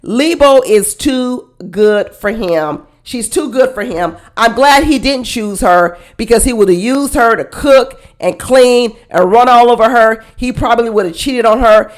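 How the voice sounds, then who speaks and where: A woman with a fairly high voice gives a casual reaction commentary, blunt and sassy. Her delivery is animated and she breaks into laughing asides. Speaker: reality TV reaction host.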